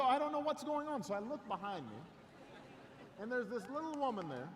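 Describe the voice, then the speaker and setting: A middle-aged man telling a story in a campaign speech, stumbling over repeated words and building to shouts. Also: very high-pitched, lively intonation. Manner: halting repetitions, slow build to shouted climax. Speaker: political candidate speaking at a rally. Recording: long reverb in a large hall, faint noise.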